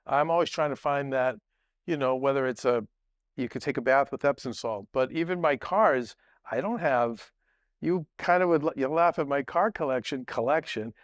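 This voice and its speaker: A middle-aged podcast guest tells long, rambling stories full of restarts and asides in casual fashion. His medium-pitched voice moves at a moderate pace, with no echo on the recording.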